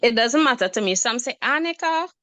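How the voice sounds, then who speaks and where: A woman's voice: fairly low pitch, expressive, quick pace. Trinidadian woman on a video call. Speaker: class participant.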